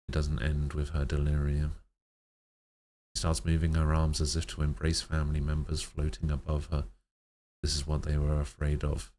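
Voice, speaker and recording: Very deep-voiced man reading a story. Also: monotone, a little mellow, a little hiss or hum. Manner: slow, measured, occasional slips. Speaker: streamer.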